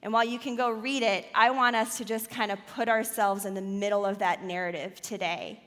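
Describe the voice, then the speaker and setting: A woman pastor preaching a sermon in a church auditorium, telling a story dramatically with loud and hushed swings. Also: medium pitch, fairly even intonation, brisk, big-room sound.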